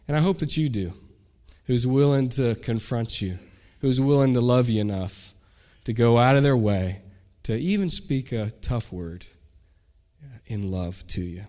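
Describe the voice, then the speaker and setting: Speaking unhurriedly at medium pitch, a male pastor animates a sermon story by acting out its characters and their shouted lines.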